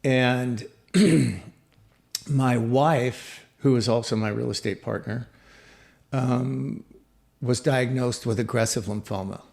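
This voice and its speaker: A man's voice: medium pitch, slow pace, gravelly, pauses often, a little mellow. A middle-aged man, a podcast guest, telling a personal story reflectively, with many fillers and restarts.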